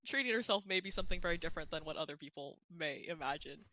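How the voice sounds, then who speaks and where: A woman's voice: low-pitched, animated, racing, pushed and bright. A young adult woman introducing her character in a casual tabletop game chat, rambling and thinking aloud as she goes.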